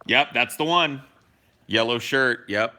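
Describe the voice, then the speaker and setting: A young man on a podcast, telling a story in casual, animated chat, swearing freely and acting out what people said. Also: medium pitch, takes it slowly. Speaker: podcast co-host.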